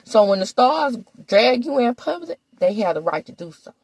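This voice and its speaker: Sassy, lively woman gossip host. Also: on the high side, moderate pace, breathy edge. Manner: sassy, animated, talks straight to viewers. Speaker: gossip commentator. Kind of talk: casual reality TV recap.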